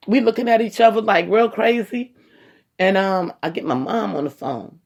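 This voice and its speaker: A woman talking casually to her viewers, retelling a personal story in a dramatic, animated way with many quoted asides. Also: mid-range voice, normal speed. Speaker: vlogger.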